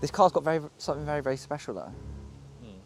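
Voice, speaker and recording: A young British man casually showing off a cheap used car, excitable, joking and swearing as he goes. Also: fairly high pitch, quick pace, creaky, soft background music. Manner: excitable, swearing, laughing, jokey. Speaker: car vlogger. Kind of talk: casual car walkaround vlog.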